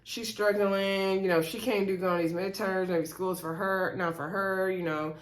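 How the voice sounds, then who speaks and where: A woman's voice: mid-range voice, steady tone, a little slow. A woman in her thirties casually recapping a reality show, gossipy, with laughing asides and lots of fillers. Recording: echoey room.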